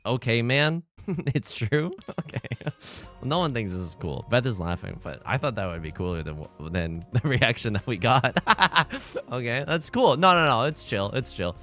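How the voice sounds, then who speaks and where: A young man casually chatting and commenting while streaming online mahjong, excitable and self-mocking, laughing often and jumping from loud outbursts to mumbled asides. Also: medium pitch, moderate pace, faint music behind. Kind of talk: casual livestream chat and commentary.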